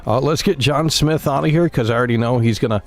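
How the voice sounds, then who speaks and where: A man's voice: mid-range voice, fast talker, faint music behind. A young man ranting at his live-stream chat, swearing often and repeating himself. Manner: ranting, profane, repetitive.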